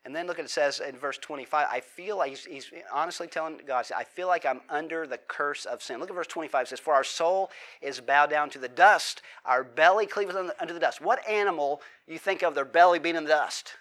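A man's voice: a little high, fairly quick, a bit bright. A man preaching a sermon as a pastor, talking casually, asking the congregation questions and acting out heartfelt prayers.

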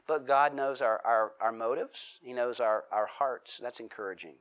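A man's voice: medium pitch, moderate pace, fairly bright tone. A man preaching a sermon as a pastor, talking casually, asking the congregation questions and acting out heartfelt prayers.

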